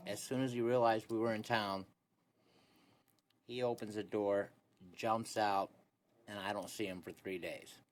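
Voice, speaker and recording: A man's voice: fairly low pitch, fairly even intonation, unhurried, long pauses. A young man casually telling a long story into a phone, laid-back and rambling, full of "anyways" and "this and that". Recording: phone recording with faint background hiss.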